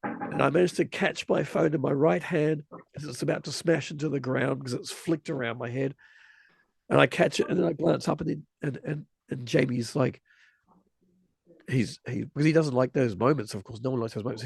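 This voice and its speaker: A man's voice: mid-range voice, moderate pace, vocal fry, slightly rough, no room sound. A man in his forties telling a story in casual conversation, rambling with many restarts and vivid retelling. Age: 40s.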